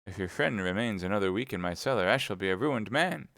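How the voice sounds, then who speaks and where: A man's voice: fairly low pitch, expressive, quick pace, gravelly, fairly bright tone, dry recording, clean studio sound. A man voicing a distraught middle-aged innkeeper in a read-aloud storybook, pleading and aggrieved.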